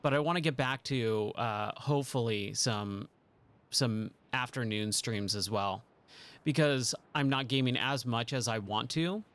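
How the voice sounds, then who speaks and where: Streaming a game late into the night, this man rambles in a relaxed, chatty way, his talk full of laughter and eager compliments. He keeps a measured pace and an average-pitched voice throughout.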